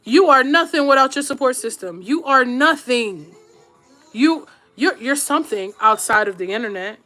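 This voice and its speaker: A woman's voice: sits high, lively intonation, normal speed, bright, forceful tone, soft background music. A woman streamer giving casual, blunt advice to her viewers while doing her makeup, slangy and emphatic, repeating her points for stress. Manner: slangy, addresses viewers directly. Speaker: YouTube streamer and podcaster.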